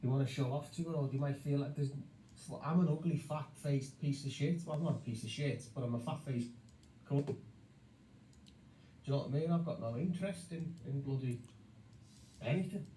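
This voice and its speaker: A man's voice: medium pitch, brisk, pauses often, dark tone, reverberant, a little hiss or hum, low-quality recording. A man with a Scouse accent in a heated casual voice chat, mocking and sweary, tagging lines with "lad" and "mate". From Liverpool, England. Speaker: voice chat participant.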